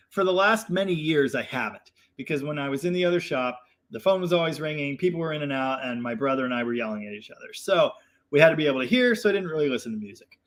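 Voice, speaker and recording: Young guy chatting on a livestream, fairly high voice, lots of ums, self-deprecating. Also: a bit bright. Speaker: livestream host reading viewer comments. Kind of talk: casual live chat.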